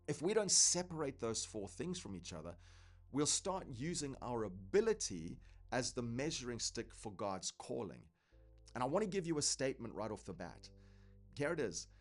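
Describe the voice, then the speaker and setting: A man preaching an earnest sermon to a video audience, repeating key lines for emphasis. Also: medium pitch. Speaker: pastor.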